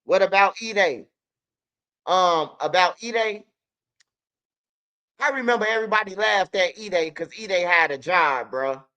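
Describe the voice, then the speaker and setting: A man from Chicago with a Chicago accent, telling street stories casually in an animated, profane way and acting out what others said. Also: high voice, unhurried, long pauses, clean tone. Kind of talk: casual storytelling.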